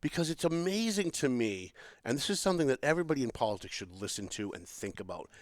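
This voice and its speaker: In a casual political podcast, a middle-aged male host spins animated stories, performing the quotes of people he's talked to. He speaks quickly at a medium pitch, with no room sound at all.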